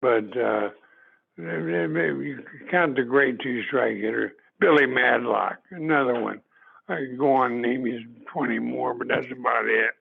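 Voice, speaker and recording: A man's voice: medium pitch, unhurried, gravelly, husky. An older man, a former ballplayer, tells stories in a rambling way, restarting and repeating himself often. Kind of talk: anecdotal storytelling. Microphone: video call. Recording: tinny phone-like video call audio.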